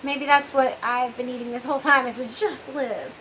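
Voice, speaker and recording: Speaking directly to her audience, this vlog host rambles through a candid, confessional monologue, often trailing off with "I don't know" and making wry jokes at her own expense. Her high-pitched, fairly bright voice holds a fairly even intonation at a moderate pace, and the low-quality recording carries a little hiss or hum.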